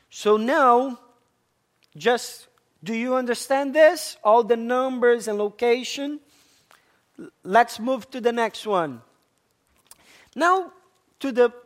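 A preacher delivering a sermon, stressing and repeating key words and asking the congregation questions. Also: mid-range voice. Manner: emphatic, repeats key words, addresses listeners as church.

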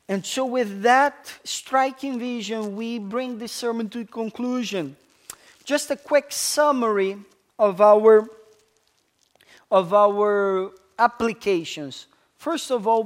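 A pastor preaching a sermon, a man with a high voice. He speaks slowly and with emphasis, puts questions to the congregation and answers them, and drops to a soft hush on key words. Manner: call-and-response questions to the congregation, slow and emphatic.

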